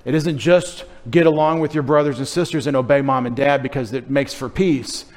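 A middle-aged pastor preaching a sermon, teasing and coaxing the children in the congregation. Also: male voice, mid-range voice, fairly even intonation, brisk.

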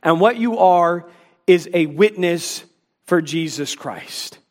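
Pastor type, male, high and insistent voice, punchy sermon delivery. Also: slow, big-room sound. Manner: emphatic, acts out scripture dialogue.

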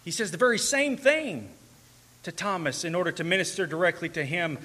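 Male preacher, earnest sermon delivery, bright, slightly high voice. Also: sing-song, brisk. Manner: earnest, rising to emphatic and tender passages.

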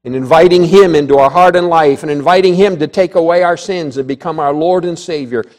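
This sermon comes at a fairly quick pace from a man whose voice sits slightly above the usual male range. He addresses a church congregation with emphasis, swinging from loud proclamations down to quiet, hushed words.

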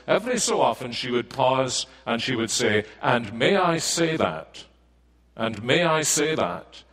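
Slow, measured Scottish preacher man. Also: medium pitch, a bit bright, low-quality recording. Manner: measured, deliberate delivery with pauses. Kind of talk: sermon.

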